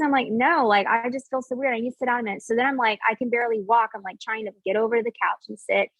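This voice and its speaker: A woman's voice: fairly high pitch, fast talker, hardly any pauses, no echo, poor audio. Woman in her 40s telling her story, lots of "like," acts out what people said, dry close sound. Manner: animated, acts out quoted dialogue, many "like" fillers. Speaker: podcast guest. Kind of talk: casual personal storytelling.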